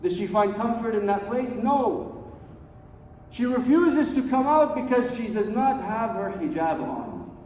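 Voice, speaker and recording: A man preaching a sermon, swinging between hushed low lines and loud emphatic ones, and reciting verses quickly in a chanting tone. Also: lively intonation, a little hiss or hum. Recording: echoey hall, voice far from mic.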